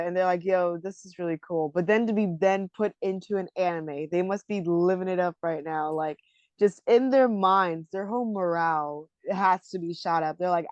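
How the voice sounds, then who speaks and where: A woman co-hosting a podcast, chatting about an anime in an animated, emotional way that often breaks into laughter. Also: lowish voice, smooth, no room sound, muffled recording. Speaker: podcast co-host. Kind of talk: casual anime discussion.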